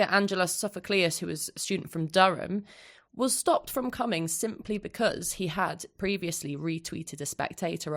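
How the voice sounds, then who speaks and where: A woman's voice: fairly low pitch, a bit bright. A woman on a podcast panel, speaking emphatically in casual discussion. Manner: emphatic, laughing at absurdities.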